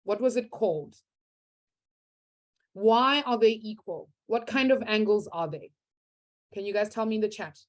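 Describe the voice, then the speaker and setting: A woman's voice: medium pitch, lively intonation, unhurried, long pauses. A young woman teaching a live online maths class, upbeat and encouraging as she reads out students' answers from the chat.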